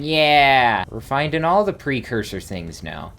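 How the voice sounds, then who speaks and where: A man commenting on his own gameplay in an unhurried, drawn-out way, thinking aloud and breaking into small exclamations as he explores. His voice sits in a middle register. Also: medium pitch, very animated, fairly bright tone. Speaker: let's play host.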